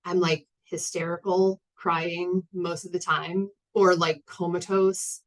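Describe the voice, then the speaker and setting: A woman in her thirties shares a personal story with an audience in a candid, rambling way, full of fillers and restarts. Her voice sits a little low for a woman. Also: level tone, slow pace, rough recording. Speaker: guest speaker.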